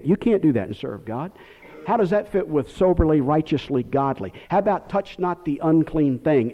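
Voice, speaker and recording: A man preaching a sermon, his voice sitting a little high for a man. He wanders off on tangents and then comes down hard on a point. The recording is dull and lo-fi. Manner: rambling, digressive preaching with sudden emphatic outbursts.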